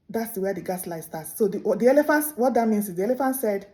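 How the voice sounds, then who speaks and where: A woman hosts a late-night talk, spinning a folk tale with animated energy and frequent restarts. Her voice is warm and mellow, at a middling pitch for a woman. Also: fast. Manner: animated, full of restarts and laughs. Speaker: host. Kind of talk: casual storytelling to camera.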